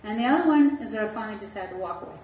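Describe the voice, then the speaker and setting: A woman therapist with a mid-range, expressive voice talks in rapid bursts, speaking candidly to an audience about her own life. She's frank, laughs often, and acts out the voices of people she quotes. The recording is dull and lo-fi, made far from the mic in an echoey room.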